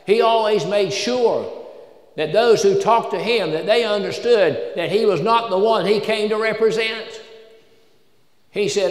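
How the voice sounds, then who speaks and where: Southern preacher, high voice, echoey church. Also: male voice, measured pace. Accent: Southern American. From Southern United States. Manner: folksy preaching with humorous asides, building to emphatic peaks. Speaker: pastor. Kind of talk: sermon. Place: church sanctuary. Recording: echoey church hall with long reverb.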